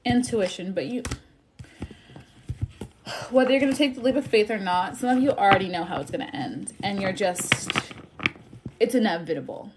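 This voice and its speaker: A woman's voice: medium pitch, lively intonation, moderate pace, pauses often, background noise. Chatty woman giving a blunt tarot reading. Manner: chatty, blunt, apologetic about bad news. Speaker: tarot reader. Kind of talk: casual livestream reading.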